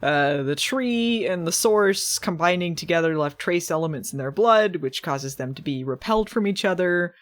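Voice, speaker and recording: A woman's voice: fairly low pitch, animated, moderate pace, hardly any pauses. A woman hosting a podcast, recapping a TV episode in casual chat with a wry, sarcastic manner, acting out the characters' lines.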